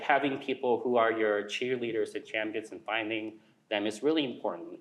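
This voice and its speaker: Panelist, man, fairly low voice, halting and earnest, filler-heavy. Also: fairly bright tone, a little hiss or hum, poor audio. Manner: hesitant, many fillers, earnest. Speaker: alumni panelist, nonprofit fundraiser. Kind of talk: personal panel talk.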